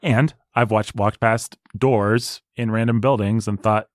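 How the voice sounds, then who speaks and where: A man's voice: lowish voice, fairly even intonation, measured pace, no echo, studio quality. A man hosting a casual podcast chat in a playful, teasing way. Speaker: podcast host.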